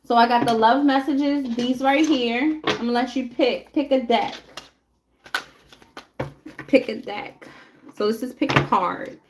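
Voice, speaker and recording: A woman's voice: a little high, unhurried, long pauses, noisy background. A woman giving a casual live tarot reading, talking bluntly and chattily straight to her viewers. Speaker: tarot reader.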